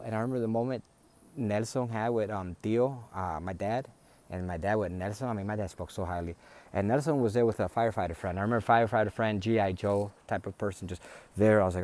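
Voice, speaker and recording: A man's voice: fairly low pitch, quick pace, a little mellow. A man telling a personal family story in a rambling, conversational way, full of restarts. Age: adult, a father.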